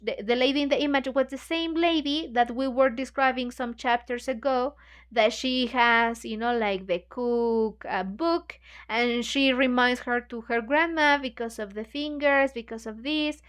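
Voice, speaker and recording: A woman's voice: on the high side, fairly bright tone, clean tone. A woman hosting a book club. She reads a novel chapter aloud and retells it in chatty English, full of "you know, like" fillers. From Mexico.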